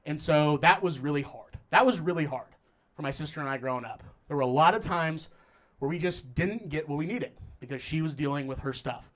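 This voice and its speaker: On a comedy club stage in front of a live crowd, a young man performs a stand-up set, doing voices and laughing as he speaks. His fairly high voice has a fairly bright tone and moves fairly quickly.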